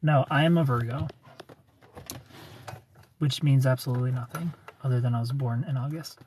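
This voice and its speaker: A male livestream host chats casually, greeting viewers by name, reading their comments out loud, and teasing them with lots of laughter. His voice is medium-pitched and a little mellow at a normal pace, with slight background noise.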